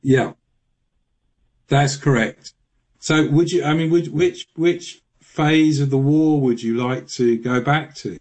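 A man answering callers as a radio guest, chatty, with lots of restarts and quick laughs. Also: a little high, darkish tone. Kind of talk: radio interview.

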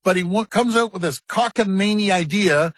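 A politician speaking at a news conference, blunt and indignant in manner. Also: male voice, high-pitched, normal speed, no echo, studio quality.

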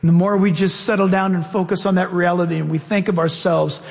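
Man, pastor, sermon, high voice, animated storytelling, reverberant hall. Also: brisk, vocal fry.

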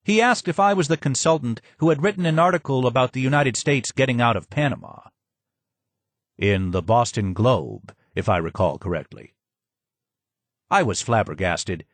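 A man narrating a memoir audiobook in an expressive reading with strong emphasis. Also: medium pitch, moderate pace, dry recording.

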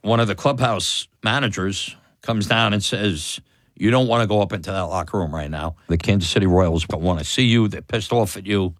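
A man telling a lively personal story, laughing and acting out the voices of others. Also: lowish voice, moderate pace, dry recording, studio quality. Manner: animated, laughing, acts out quoted voices. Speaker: storyteller guest. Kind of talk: personal story told in an interview.

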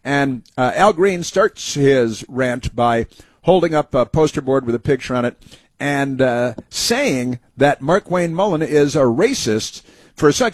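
A man's voice: medium pitch, no room sound. Heated, mocking male talk host. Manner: heated, mocking, rambling with many fillers. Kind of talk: opinion commentary.

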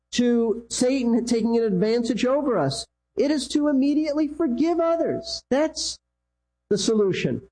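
Emphatic preacher with a husky mellow voice. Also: male voice, poor audio. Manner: emphatic preaching, repeats key lines, pitch swings. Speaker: pastor. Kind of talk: sermon.

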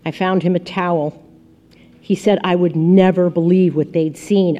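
A woman reads a first-person novel aloud in a soft, intimate storytelling manner. Her voice sits a little low and sounds mellow and warm. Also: fairly even intonation, unhurried, muffled recording. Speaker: audiobook narrator. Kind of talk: scripted first-person narration.

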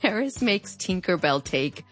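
Woman host, border fronterizo accent, wry scripted narration, lowish voice, faint music under. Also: unhurried. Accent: fronterizo Mexican border. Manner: wry, chatty, animated asides.

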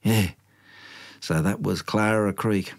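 Older Australian bloke, colloquial yarn-spinner, self-mocking storytelling. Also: male voice, lowish voice, steady tone, slow, gravelly. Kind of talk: spoken storytelling.

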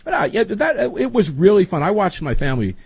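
A man's voice: high voice, big pitch swings, fast, gravelly, husky, no echo. A man hosting a talk show in casual chat, folksy, rambling and enthusiastic.

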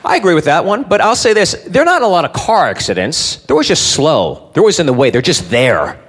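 A man's voice: on the high side, big pitch swings, brisk, fairly bright tone. A man doing provocative stand-up, swearing and asking the crowd questions. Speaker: stand-up comedian. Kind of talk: stand-up comedy. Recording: live club with audience and noise.

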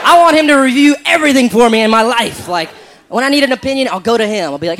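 A man doing a stand-up comedy routine, telling a story in an incredulous, animated way. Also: extremely high pitch, fast talker.

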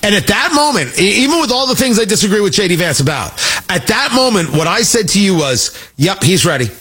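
Husky, animated talk radio host. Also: male voice, high voice, brisk. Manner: sarcastic, emphatic, mocking. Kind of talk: political talk radio monologue.

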